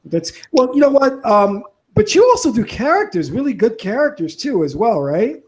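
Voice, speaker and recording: A man's voice: extremely high pitch, sing-song, moderate pace, a little mellow. A man interviewing a guest, talking casually and encouragingly. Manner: encouraging, enthusiastic.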